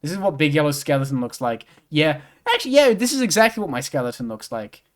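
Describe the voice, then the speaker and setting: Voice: medium pitch, big pitch swings, fast talker. A streamer giving jokey playthrough commentary and reading a game's text aloud. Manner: playful, jokey, mutters to self.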